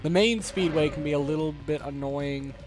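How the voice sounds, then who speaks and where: A man's voice: on the high side, moderate pace, music in the background. A man giving casual, jokey commentary while playing a video game, grumbling at the levels. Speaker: let's play host.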